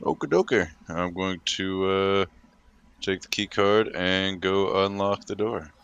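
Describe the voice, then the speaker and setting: A man playing a tabletop game, excitable and laughing, swearing freely in casual chat. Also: low voice, slow pace, clean tone, lo-fi sound. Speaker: player.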